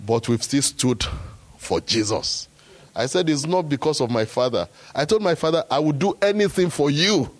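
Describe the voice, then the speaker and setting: A man preaching a sermon, rising to loud, high exhortation and quoting scripture. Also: lively intonation, moderate pace.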